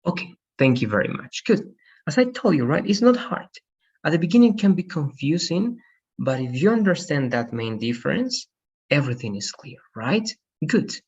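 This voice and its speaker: A man teaching an online English class, patiently correcting pronunciation and slowly modeling words for his students. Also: fairly high pitch, very animated, breathy edge. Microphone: video call. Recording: dull lo-fi video call audio.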